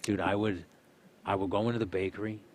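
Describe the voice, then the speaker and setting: Fast-talking man telling a loud story. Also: lowish voice, slight background noise. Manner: animated, swearing, acts out quotes loudly. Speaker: streamer, host. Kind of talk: casual storytelling chat.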